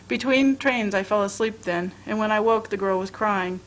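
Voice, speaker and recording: A woman reading a short story aloud as narrator, in a measured, expressive way. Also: medium pitch, slight background noise, poor audio. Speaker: reader at a library reading.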